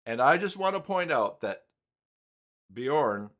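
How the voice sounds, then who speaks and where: A man's voice: on the high side, very animated, takes it slowly, fairly bright tone. A man hosting a casual live stream, rambling and reading chat messages aloud.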